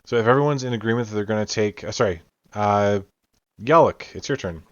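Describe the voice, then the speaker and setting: A man with a fairly low voice runs a tabletop game as game master. He talks through each scene at length, with plenty of fillers. The sound is dull and lo-fi, and very dry. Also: brisk, a bit bright, clear, resonant tone, no room sound. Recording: dull lo-fi audio.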